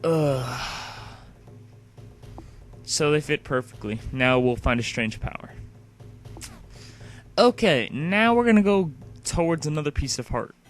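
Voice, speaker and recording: A man's voice: on the high side, lively intonation, a little slow, long pauses, soft background music. A man giving casual, rambling gameplay commentary as a let's play host, often dropping "like" as a filler. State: sleepy.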